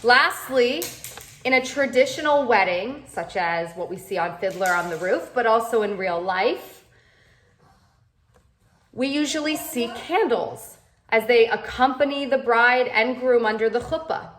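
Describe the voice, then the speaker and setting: A woman cantor giving a measured, carefully explained lesson. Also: a little high, animated, a bit bright, slight background noise. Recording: roomy echoey sound.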